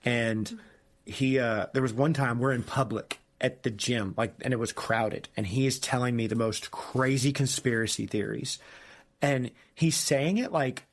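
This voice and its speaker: A man co-hosting a relaxed podcast, chatting about a book. His voice sits in a mid range, and he keeps dropping into quick, goofy character voices as he retells scenes. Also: mid-range voice. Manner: animated, acts out quoted characters in silly voices. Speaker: podcast co-host. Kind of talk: casual book discussion.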